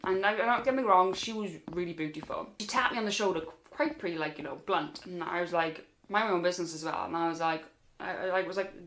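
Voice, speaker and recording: A young woman, telling a personal story in a casual, animated way and acting out other people's lines. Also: lowish voice, quick pace, slight background noise. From Wales. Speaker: storyteller vlogger.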